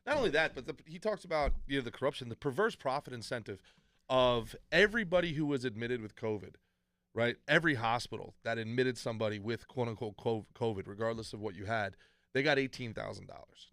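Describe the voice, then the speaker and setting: A man hosts a podcast in casual chat, speaking fast and bluntly. He swears freely and builds into heated rants. The sound is dry and close to the mic. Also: mid-range voice, lively intonation, fairly bright tone, no room sound. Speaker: podcast host.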